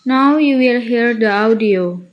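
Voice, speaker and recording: A woman's voice: a little high, unhurried, lo-fi sound. A young woman whose first language is Indonesian, a student presenter explaining a textbook lesson unhurriedly with frequent hesitations. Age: young adult. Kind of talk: reading out a study-guide analysis.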